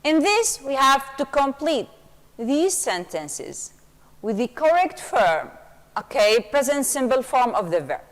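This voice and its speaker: A woman English teacher, her voice sitting a little high, walks through grammar rules slowly and patiently. She keeps slipping in "okay" as she explains each step. The recording carries a long, hollow reverb. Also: big pitch swings. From Syria. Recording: long reverberant room echo.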